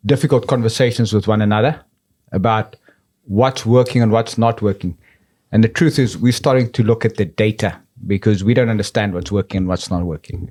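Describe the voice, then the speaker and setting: A man's voice: on the low side, a little mellow. A man co-hosting a business podcast, talking casually and frankly in loose, restarting sentences. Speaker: podcast co-host.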